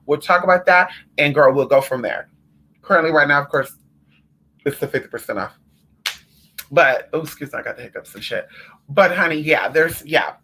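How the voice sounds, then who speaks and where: Sassy bright-voiced man ranting. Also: a little high. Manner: sassy and emphatic, calls listeners honey and girl. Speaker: spiritual consultant on a livestream. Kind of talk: casual livestream rant.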